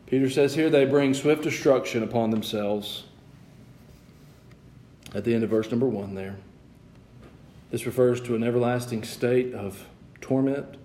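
The speaker is a pastor, a man in his thirties, giving a sermon in a church sanctuary whose echo is audible. His medium-pitched voice is a little mellow, and his delivery is conversational with joking asides before it rises into emphatic passages.

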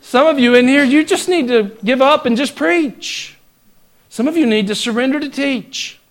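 A man with a Southern US accent preaching a folksy, joking sermon in a church, swinging from loud exhortation to hushed asides. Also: extremely high pitch, moderate pace. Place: church sanctuary.

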